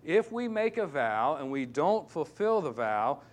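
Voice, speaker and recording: A man preaching with a voice pitched a little above the usual male range. He hammers key words through repetition and swings from raised, insistent stresses to quiet, hushed lines. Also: big pitch swings, a little slow. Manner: emphatic, swings between loud and hushed. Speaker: pastor. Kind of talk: sermon.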